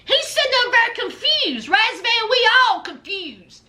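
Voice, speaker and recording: A woman's voice: extremely high pitch, sing-song, a little slow, sharp tone. A woman giving a blunt, sassy reaction recap of a reality show, scolding the people on it. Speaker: reality TV commentator.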